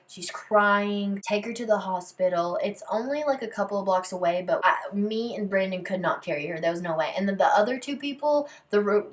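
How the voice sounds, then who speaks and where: Young woman telling a dramatic storytime. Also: mid-range voice. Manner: animated, dramatic retelling. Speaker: vlogger. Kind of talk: casual storytime.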